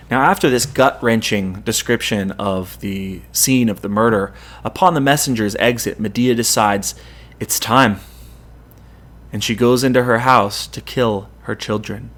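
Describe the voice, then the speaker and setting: A man's voice: lowish voice, unhurried, fairly bright tone. Man retelling a Greek tragedy. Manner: dramatic storytelling with quoted lines. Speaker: podcast host.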